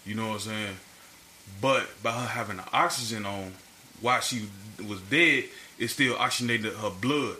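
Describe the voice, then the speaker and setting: A podcast co-host with a fairly low voice tells stories at normal speed on a casual storytelling show, swearing freely and acting out quotes with animation. The recording has a roomy echo and faint background noise.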